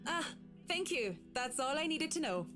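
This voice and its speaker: A man's voice: very high-pitched, sing-song, normal speed, music in the background, pitched above the performer's own voice. A man voicing a courteous, slightly apologetic woman with a pet dog, reading a visual novel aloud. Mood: hesitant.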